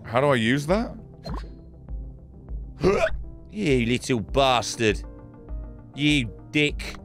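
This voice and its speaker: A man giving profane, excitable let's play commentary, often yelling at the game. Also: mid-range voice, drawn-out words, soft background music. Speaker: gaming channel host.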